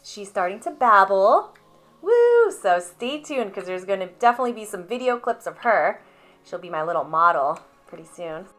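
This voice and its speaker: A woman speech therapist patiently explaining to parents how to build a child's language at home, stepping through clear examples. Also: on the low side, a little fast, a bit bright. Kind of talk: instructional video talk to parents.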